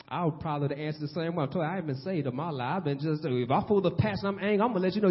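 A man preaching a sermon in a church, swinging between loud and hushed delivery. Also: on the high side, very fast, few pauses. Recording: long hall reverb, dull lo-fi sound.

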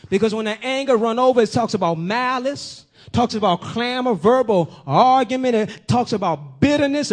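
A man with a high, light voice preaches a sermon. He questions his listeners directly, swells to loud, emphatic peaks and then sinks back to a low, quiet delivery. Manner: talks straight to the congregation with questions.

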